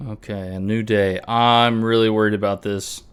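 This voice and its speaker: A man's voice: on the low side, little pitch movement, normal speed, clear, resonant tone. A man hosting a gameplay channel, rambling casually as he comments on the game. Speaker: gaming channel host. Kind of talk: casual let's-play commentary.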